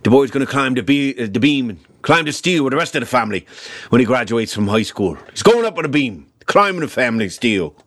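Irish immigrant grandfather, deep brogue, gruff and scornful; a man doing it. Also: expressive, fast talker, a bit bright, no room sound, clean studio sound. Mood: dismissive. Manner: blunt, dismissive, deep-voiced brogue. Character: Irish immigrant grandfather, blunt old ironworker.

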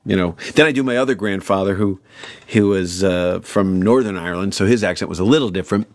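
A man's voice: deep voice, a little fast, dry recording. A man from New York, an actor and comedian, telling family stories in an interview and slipping into character voices. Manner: animated, breaks into character voices. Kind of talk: interview storytelling.

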